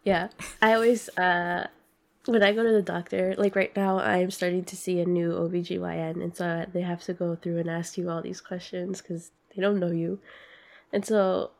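A woman's voice: fairly low pitch, flat delivery, moderate pace, gravelly, a little mellow. A woman co-hosting a casual podcast, congested from a cold. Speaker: podcast co-host.

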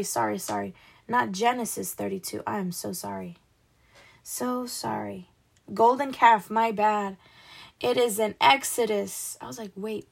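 A medium-pitched woman's voice, creaky and slightly rough, reads a Bible passage in a casual way. She keeps stumbling, apologizing for each slip, and laughing at her mistakes.

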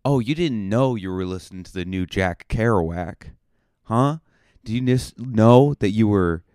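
Man, low voice, smooth and clear, dry close sound, rambling comic podcast monologue. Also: a little mellow, no room sound. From Massachusetts. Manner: rambling, self-mocking, jokey asides. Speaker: comedian and podcast host. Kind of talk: solo comedic podcast monologue.

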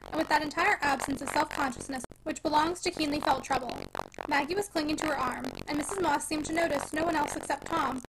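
A woman reading a classic novel aloud in an expressive audiobook narration. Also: sits high, creaky. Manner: expressive, dramatic. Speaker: audiobook reader. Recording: noisy home recording.

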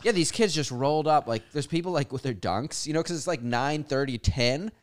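A man's voice: on the high side, a little fast. A man chatting casually and telling stories, acting out both sides of the conversation. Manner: animated, acts out both sides of his stories. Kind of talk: casual chat, storytelling.

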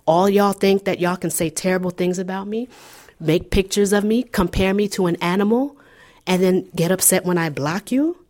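A woman's voice: lowish voice, normal speed, darkish tone. A woman co-hosting a podcast in casual chat, blunt and profane, ranting with fire. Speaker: podcast co-host.

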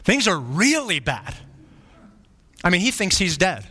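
Pastor guy preaching, high bright voice, big hall echo, keeps repeating lines. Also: sing-song, unhurried, breathy edge. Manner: earnest preaching with repeated phrases. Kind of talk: sermon. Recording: reverberant hall sound.

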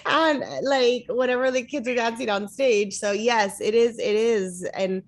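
A young adult woman in casual chat, telling anecdotes in an animated way and acting out other people's lines. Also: a little high, unhurried. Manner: animated, acts out voices in her anecdotes. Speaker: dance mom.

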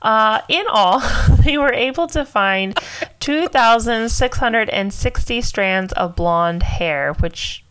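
A woman's voice: a little high, animated, slow, fairly bright tone, clear, resonant tone, low-quality recording. A young woman co-hosting a casual true crime podcast, getting tongue-tied, apologizing and giggling as she reads out details. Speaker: podcast co-host.

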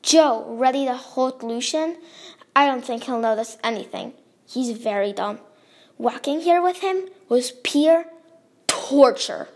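Woman reading sarcastic impatient boy bully, high voice, storybook reading. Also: measured pace, a little mellow. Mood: whispering.

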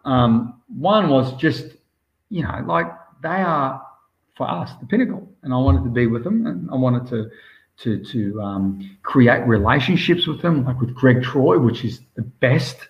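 An Australian swimmer being interviewed chats casually and enthusiastically, rambling at length and saying "mate" constantly. His medium-pitched voice is animated but a little slow. The recording sounds muffled.

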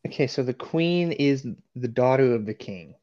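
A man's voice: mid-range voice, expressive, normal speed, a little mellow, muffled recording. A man co-hosting a podcast, chatting in a laid-back, easygoing way with lots of laughing banter. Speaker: podcast co-host. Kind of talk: casual podcast chat.

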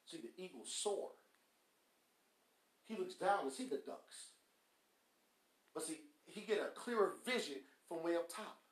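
High, lively man ranting bluntly. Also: unhurried, long pauses. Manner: blunt, scolding, mocking quacks. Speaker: podcast host. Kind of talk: preachy motivational rant. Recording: echoey room.

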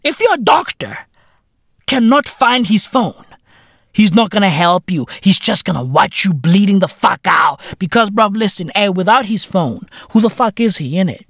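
A man's voice: high voice, normal speed, creaky, dry recording, clean studio sound. A man hosting a podcast, ranting in a profane, comedic way and peppering his talk with "right?". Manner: animated, profane, keeps asking "right?". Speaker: podcast host.

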